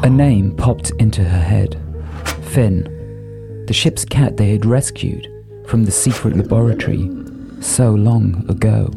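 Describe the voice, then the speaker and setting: A man narrating an audiobook in a measured, unhurried storytelling manner. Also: lowish voice, gravelly. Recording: narration over music.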